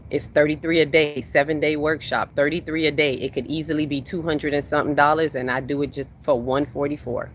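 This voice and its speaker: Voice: mid-range voice, fairly even intonation, a little fast, hardly any pauses, slight background noise. A spiritual workshop host talking casually on a livestream, reading viewers' comments aloud and repeating phrases for emphasis. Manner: reads chat comments aloud and answers them.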